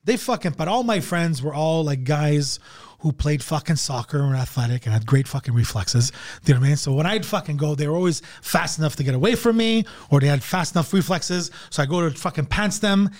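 Expressive and brisk, a man appears as a comedian guest on a podcast, telling a casual story packed with swearing. He acts out the quoted lines with big jumps in pitch.

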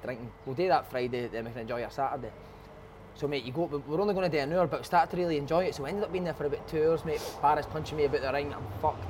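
A man's voice: medium pitch, slight background noise. A Scottish man in his thirties, a former footballer telling a story in casual chat, swearing freely. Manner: swearing, animated anecdote telling. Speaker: podcast host, former footballer.

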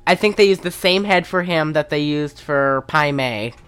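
A woman's voice: sits low, moderate pace, fairly bright tone, smooth, no room sound. A young woman recapping a movie in casual chat, rambling and profane, acting out the characters' lines. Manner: rambling, profane, acts out quotes.

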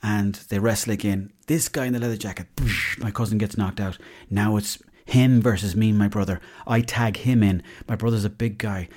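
This is a fairly low, steady male voice with a darkish tone, moving at normal speed. He's an Irish podcast host spinning comic tall tales in a chatty manner, cursing without restraint.

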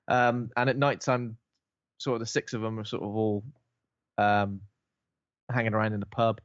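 A man from Bristol, co-hosting a podcast and recapping film scenes in casual chat with quick asides. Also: on the low side, little pitch movement, no room sound. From Bristol, England. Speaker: podcast co-host. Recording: slightly dull, dry lo-fi audio.

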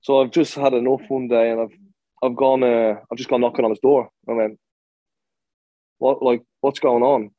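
A man's voice: medium pitch, level tone, fairly quick, dry recording, phone-quality sound. A man who played professional football, telling a story in an interview, blunt and swearing freely, with lots of restarts.

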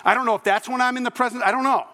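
A male pastor preaching a sermon, animated and throwing in joking asides. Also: extremely high pitch, racing, in a large hall.

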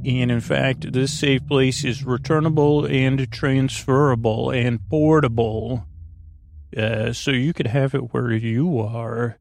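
A man hosting a sleep podcast, talking slowly in a creaky voice and drifting off into tangents full of filler. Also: medium pitch, steady tone, a little mellow. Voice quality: creaky, meandering. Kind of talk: rambling bedtime monologue.

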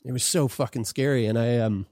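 A man's voice: medium pitch, steady tone, brisk, warm tone, no room sound, clean studio sound. A man telling a personal story in casual conversation, frank and profane, often restarting his sentences.

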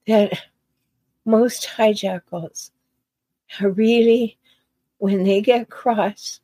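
A woman's voice: medium pitch, warm tone, slightly rough, dry recording, rough recording. A woman giving earnest relationship advice, talking unhurriedly and repeating key phrases for emphasis. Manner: unhurried with deliberate pauses. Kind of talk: solo advice talk.

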